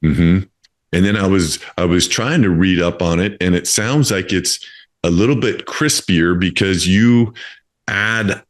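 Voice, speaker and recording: A man in his fifties hosts a relaxed interview with a notably low voice. He rambles, doubles back on his words and fills pauses with uhs and ums as he chats. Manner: rambling, many fillers and restarts. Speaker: podcast host. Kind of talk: casual interview chat.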